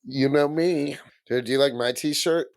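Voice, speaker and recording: Goofy, animated young man, slow-talking. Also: mid-range voice. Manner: goofy, animated, hesitant starts. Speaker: podcast co-host. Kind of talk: casual chat.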